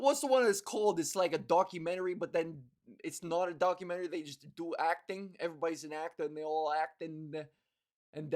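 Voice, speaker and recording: A woman voicing a loudmouthed, crude male baseball fan with a New York accent. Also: low voice, lightly acted. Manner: loud, crude, rambling.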